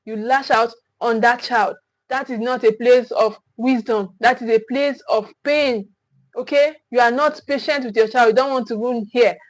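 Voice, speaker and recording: Woman, parent coach, emphatic and repetitive, slightly high voice. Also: fairly even intonation, normal speed, no room sound, low-quality recording. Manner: emphatic, repetitive restarts, acts out scolding parents. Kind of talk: teaching talk to camera.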